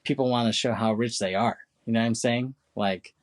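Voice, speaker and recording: A man co-hosting a podcast, casually retelling film scenes with many fillers and quick put-on quotes of the characters. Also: mid-range voice, steady tone. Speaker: podcast co-host. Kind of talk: casual chat.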